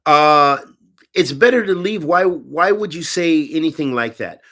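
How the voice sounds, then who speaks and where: A man teaching and answering religious questions in a conversational, animated way, often restarting his sentences. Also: on the high side, a little slow. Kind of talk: Q&A talk.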